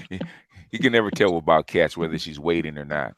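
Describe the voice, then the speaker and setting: A man's voice: very deep voice, a bit bright, dry recording, studio quality. A man in casual chat who teases and laughs often. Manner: laughs often, teasing interjections.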